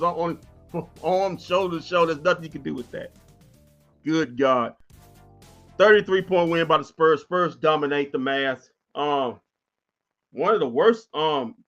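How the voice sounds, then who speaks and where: A man hosting a casual basketball post-game show, animated and repetitive, laughing often as he runs through stats. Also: a little high. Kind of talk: casual sports chat.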